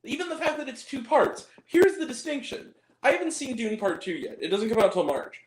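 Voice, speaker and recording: A man's voice: extremely high pitch, expressive, a little fast, echoey room, slight background noise. A man giving a blunt, exasperated, profane movie review as host of his own channel.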